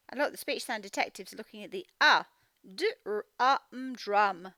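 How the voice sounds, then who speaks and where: A woman teaching phonics to young children, reading a picture book aloud and slowly sounding out each word. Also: mid-range voice, dry recording. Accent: Australian. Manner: slow, sounding out words, expressive storybook reading.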